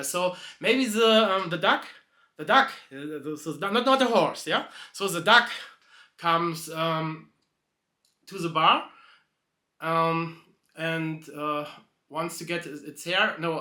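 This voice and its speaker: A man's voice: high-pitched, bright, forceful tone, echoey room. A man telling a joke in a rambling, hesitant way, constantly correcting himself and restarting. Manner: hesitant, self-correcting, many fillers and restarts. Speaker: video host telling a joke.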